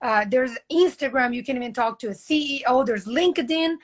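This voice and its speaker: A woman's voice: high-pitched, a little fast. Chatty woman on a video call. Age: 30s. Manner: chatty, rambling, talks directly to the host. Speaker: model and guest. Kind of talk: casual live chat.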